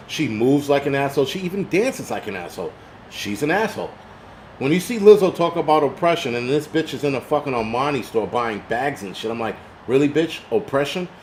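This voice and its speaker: A middle-aged man with a fairly high-pitched voice hosts a casual live stream, reading the chat aloud and ranting with plenty of swearing while slightly tipsy from liquor. There's a little hiss or hum in the background.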